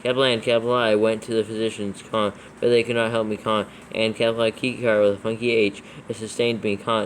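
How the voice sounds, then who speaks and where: For a proofreading session, this man dictates scripture aloud, steadily calling out every capital letter and punctuation mark. He speaks at a fairly low pitch over a low-quality recording with a little hiss or hum.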